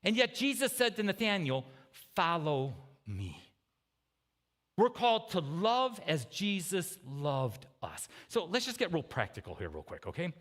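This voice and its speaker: A man preaching a sermon in a conversational way, checking in with the congregation with quick "okay?" and "right?" asides. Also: high voice, big pitch swings, fairly bright tone, big-room sound. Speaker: pastor. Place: church sanctuary.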